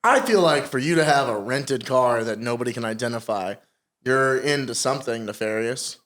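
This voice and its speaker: A man's voice: medium pitch, moderate pace, a bit bright. A man co-hosting a podcast, joking and bantering in casual chat. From Connecticut, USA. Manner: joking, laid-back banter. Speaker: podcast co-host.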